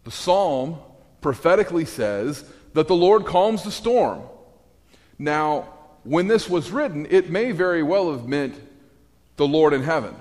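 A man preaching a sermon, telling the story in a wry, animated way with sarcastic asides. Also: on the high side, in a large hall.

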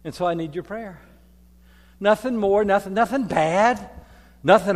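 An older man, preaching a folksy sermon as priest, moving from quiet reflection to loud storytelling. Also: high-pitched, unhurried, long pauses. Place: church. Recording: long reverb of a church hall.

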